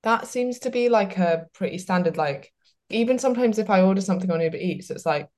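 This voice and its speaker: A woman's voice: mid-range voice, expressive, fast, darkish tone. A woman hosting a podcast, chatting casually with lots of "like" fillers and reading out listener questions. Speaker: podcast host.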